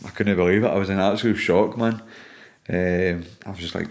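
A man's voice: deep voice, fairly even intonation, a little fast. A Scottish man, an MMA fighter guesting on a podcast, chatting casually, swearing freely and laughing through his stories.

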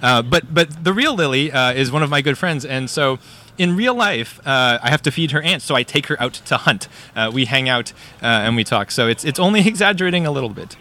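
Animated, bright-voiced male storyteller. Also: mid-range voice, brisk. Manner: animated, hyperbolic, chatty with fillers. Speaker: guest, storyteller. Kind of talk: casual interview chat.

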